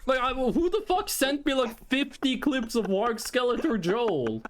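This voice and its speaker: A man's voice: very high-pitched, expressive, measured pace, slight background noise. A man from Norway with a Norwegian accent, chatting casually on a live stream, laughing, swearing and rambling as he reacts to clips.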